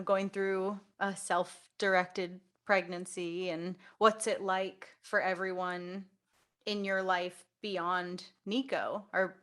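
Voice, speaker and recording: A woman's voice: mid-range voice, fairly bright tone. A woman hosting a podcast interview in a casual, talkative way, often saying "like". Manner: talkative, peppered with "like". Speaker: podcast host.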